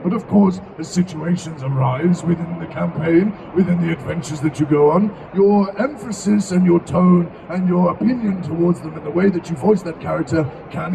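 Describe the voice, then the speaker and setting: Casting: a high-pitched, gravelly man, a rambling stage co-host heard on a distant mic in a noisy venue. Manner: rambling, hesitant, with many fillers and self-corrections. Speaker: co-host teaching character creation. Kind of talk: live stage talk at a fan convention. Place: convention stage.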